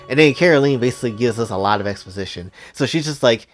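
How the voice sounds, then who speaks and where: A man narrates a fan-made story in a loose, slangy way, rambling and joking as he goes. His voice sits at an ordinary middle pitch. Faint music plays underneath. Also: very fast, few pauses.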